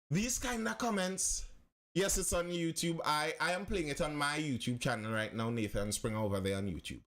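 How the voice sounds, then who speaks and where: A man's voice: on the high side, moderate pace, fairly bright tone. A man hosting a live-stream commentary. He talks with passion, repeats phrases for emphasis and answers viewers' comments as he goes.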